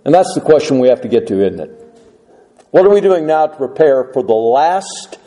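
A male pastor preaching a sermon, telling a story in a conversational way with pauses and restarts. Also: mid-range voice, sing-song, warm tone, rough recording.

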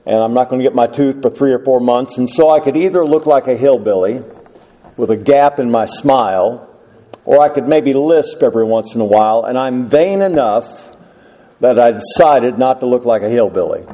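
A man's voice: mid-range voice, moderate pace, dark tone, poor audio. A man preaching a sermon and reading scripture aloud, with an occasional slight lisp and a plain, self-deprecating way of talking. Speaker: pastor.

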